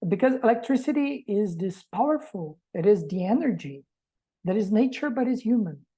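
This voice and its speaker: A woman's voice: medium pitch, lively intonation, normal speed, warm tone, low-quality recording. A woman giving an academic presentation to a reading group, speaking reflectively and posing rhetorical questions.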